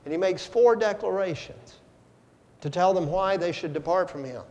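Man, pastor, sermon, high voice, dramatic swings in loudness, long hall echo. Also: lo-fi sound. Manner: slow, deliberate preaching with dramatic swings in loudness.

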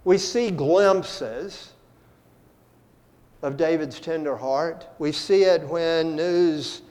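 Man, pastor, sermon, high voice, dramatic swings in loudness, long hall echo. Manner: slow, deliberate preaching with dramatic swings in loudness.

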